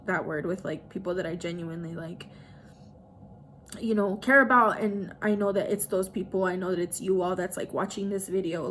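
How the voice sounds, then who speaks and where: A woman's voice: medium pitch, a little hiss or hum. A woman talking casually and emotionally in a personal vlog, with lots of "like" fillers. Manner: chatty, emotional, heavy use of "like". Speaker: vlogger.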